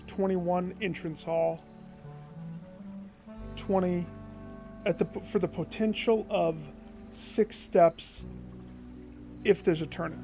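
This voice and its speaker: Man, game streamer, high voice, unhurried, thinking aloud, faint music behind. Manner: thinks out loud, talking to himself and his viewers. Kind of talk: gameplay commentary.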